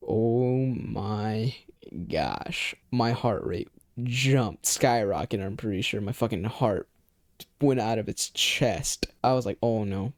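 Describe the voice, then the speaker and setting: A man's voice: lowish voice, slow, no room sound, clean studio sound. A young man telling a personal story in a loose, rambling way, swearing often and leaning on filler phrases. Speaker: vlogger. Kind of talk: casual storytime.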